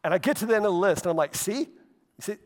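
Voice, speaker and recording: Male pastor, chatty sermon delivery, slightly higher voice, long reverb from a big hall. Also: rapid-fire. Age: adult, walked with faith over half his life. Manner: conversational preaching with asides and tag questions.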